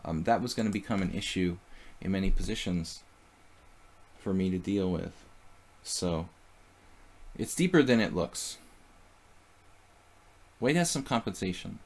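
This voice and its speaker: A man's voice: low-pitched, lively intonation, measured pace, long pauses, a little mellow. A man streaming live chess, thinking aloud about his moves and chatting casually with viewers.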